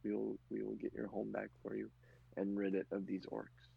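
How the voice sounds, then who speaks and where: A motherly woman adventurer soothes and reassures, repeating her promises, as a man running a tabletop game puts her on. The voice is low and gravelly. The recording sounds dull and lo-fi. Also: monotone, normal speed, exaggerated voice. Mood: comforting.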